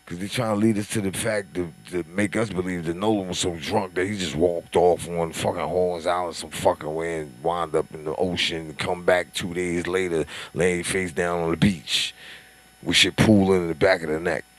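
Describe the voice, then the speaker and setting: A man delivers a casual commentary monologue. He is profane and animated, and he keeps building into indignant, mocking rants. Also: low voice, moderate pace.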